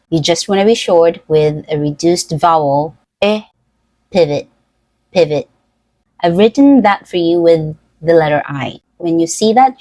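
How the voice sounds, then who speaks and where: A woman teaching English pronunciation, speaking slowly and deliberately with careful enunciation. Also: on the low side, a little mellow, no echo, rough recording. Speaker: pronunciation tutor. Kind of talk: scripted pronunciation lesson.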